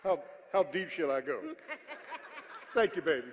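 A male pastor preaching a sermon with call-and-response, building up to shouting. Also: a little high, normal speed. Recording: church hall reverb with faint congregation.

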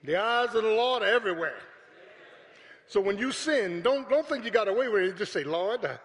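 A pastor preaching a sermon to his congregation, calling out to them and building up to shouts. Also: high voice, lively intonation, a little fast. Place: church sanctuary. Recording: echoey church hall.

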